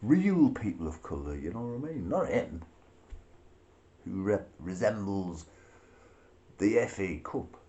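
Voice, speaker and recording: A man's voice: lowish voice, big pitch swings, unhurried, long pauses, mellow, dull audio. A man delivering a profane, sarcastic rant to camera, laughing between his remarks. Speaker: political vlogger. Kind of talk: ranting monologue.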